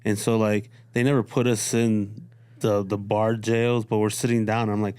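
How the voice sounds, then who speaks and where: A man from Chicago hosting a podcast, telling stories in a relaxed, laid-back way with casual swearing. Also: fairly low pitch, normal speed, smooth, dry recording. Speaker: podcast host. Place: studio.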